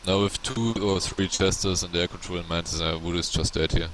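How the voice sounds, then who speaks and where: German man, deep voice, casual analytical game caster. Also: little pitch movement, brisk, fairly bright tone, slight background noise, rough recording. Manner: analytical, plain-spoken play calls. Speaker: game commentator.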